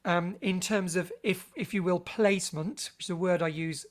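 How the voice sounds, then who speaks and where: A man's voice: high-pitched, normal speed. A man leading a vocal health workshop for teachers, chatty and playful with theatrical asides.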